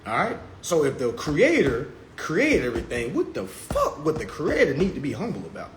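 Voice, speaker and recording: A man's voice: normal speed, slight background noise. A man giving a casual live-stream monologue, brash, profane and mocking as he promotes his class. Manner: lively pitch swings.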